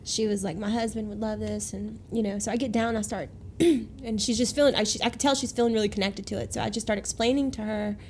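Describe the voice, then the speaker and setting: A woman in casual conversation, an animated and emotional storyteller. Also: mid-range voice, quick pace, slight background noise.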